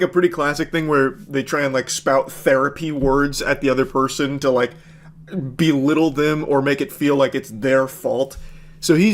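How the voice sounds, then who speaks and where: A man hosting a comedic commentary video, reading and reacting with sarcastic, deadpan asides. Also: medium pitch. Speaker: commentary host.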